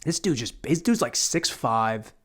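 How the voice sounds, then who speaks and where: A young man hosting a solo podcast, telling rambling, profane stories and breaking into sudden loud outbursts. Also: medium pitch, sing-song, unhurried. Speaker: podcast host.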